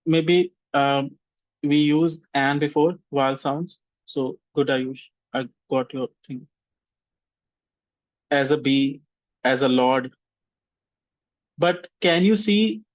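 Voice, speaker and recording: A man teaches an online English vocabulary class, sounding out example sentences slowly so students can copy his intonation. His voice sits a little high for a man. The sound is dry and a bit dull. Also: steady tone, dry recording. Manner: slow, deliberate modeling of intonation.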